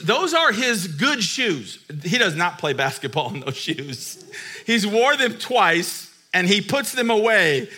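A middle-aged father telling a story to camera in an animated, chuckling, emphatic way. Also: sits high.

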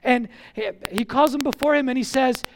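Animated high-voiced pastor delivering a sermon, leaning on repetition. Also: moderate pace, slight background noise.

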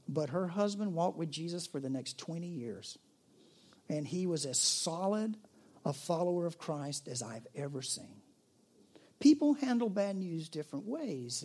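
Man, pastor, sermon, high voice, chatty storytelling, restarts. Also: a little mellow. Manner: conversational storytelling with restarts and asides.

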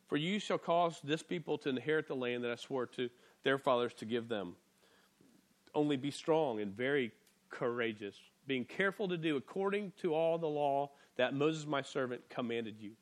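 A man delivers a sermon as pastor, his voice pitched a little high. He talks in an earnest, animated way, often restarting words as he drives home each point.

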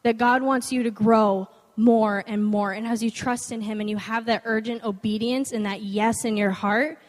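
A woman's voice: a little high, moderate pace. A young woman giving an informal, earnest devotional talk, weaving in a personal story, in a conversational manner. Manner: earnest, conversational, animated when quoting others. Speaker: speaker sharing a devotional. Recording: long hall reverb.

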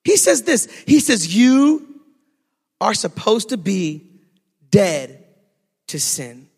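Man preaching, very high voice, shouted sing-song cadence, long hall reverb. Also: very animated, slow pace, husky. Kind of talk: sermon. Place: church sanctuary.

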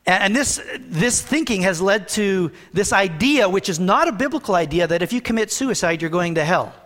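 A male pastor preaching a sermon in an earnest, conversational way, reading scripture slowly and with emphasis. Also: sits high, expressive, a bit bright, in a large hall.

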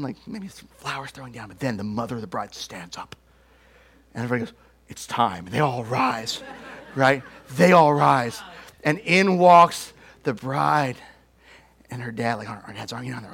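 A young man preaching a sermon, telling stories in an animated, joking way and doing playful voices. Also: a little high, gravelly. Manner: animated, jokey storytelling with playful put-on voices. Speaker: pastor.

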